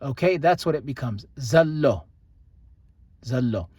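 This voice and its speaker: A man teaching a language grammar lesson, patiently explaining and slowly repeating example words. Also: medium pitch, expressive, darkish tone, husky, no echo.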